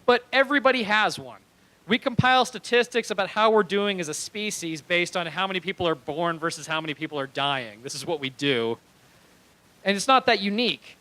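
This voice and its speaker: A man's voice: high-pitched, expressive, brisk, bright, forceful tone, poor audio. A young man doing stand-up comedy on a small club stage, telling a rambling story animatedly and laughing at his own lines.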